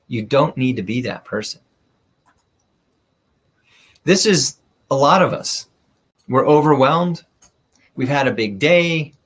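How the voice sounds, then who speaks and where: Blunt, husky-voiced male leadership coach. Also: mid-range voice, a bit bright. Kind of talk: workshop talk.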